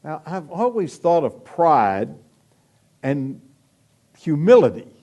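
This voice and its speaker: Slow, emphatic preaching man. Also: fairly high pitch. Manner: emphatic preaching with varied, lively delivery; slow and deliberate, drawing out key phrases. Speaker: pastor. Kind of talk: sermon.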